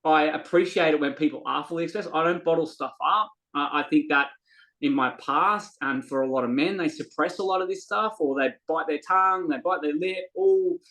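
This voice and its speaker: A man's voice: on the high side, fairly quick, rough recording. A middle-aged man, a podcast guest telling a story in casual talk and acting out what people said. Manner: animated, acts out quoted dialogue, frequent restarts.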